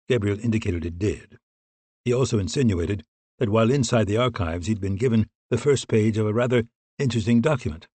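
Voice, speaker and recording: Husky, low-voiced male narrator. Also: fairly quick, no room sound. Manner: steady, even storytelling. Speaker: audiobook narrator. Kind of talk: scripted narration.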